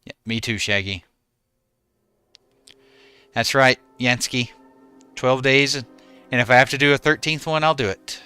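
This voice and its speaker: A man's voice: medium pitch, steady tone, a little slow, long pauses, pushed and bright, smooth, dry recording, faint music behind. A man in his forties, a game streamer chatting casually with his viewers and answering them by name.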